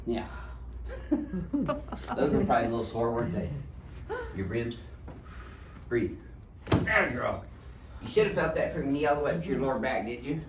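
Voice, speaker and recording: Man, chiropractor, reassuring banter, mid pitch, echoey room, off-mic with background noise. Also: big pitch swings, moderate pace, long pauses, recorded from a distance. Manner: joking, reassuring, giving instructions. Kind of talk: casual chat while treating a patient. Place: treatment room in a clinic.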